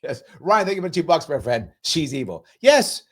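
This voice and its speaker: A man's voice: fairly high pitch, big pitch swings, moderate pace. A man hosting a live commentary show, reading viewer chat in a sarcastic, mocking way.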